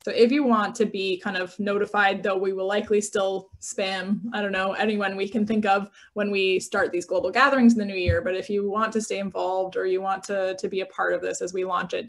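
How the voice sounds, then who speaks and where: Video call, organiser, practical, a bit hesitant, flat delivery, gravelly. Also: mid-range voice. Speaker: organiser of the gatherings. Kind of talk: casual announcement on a video call.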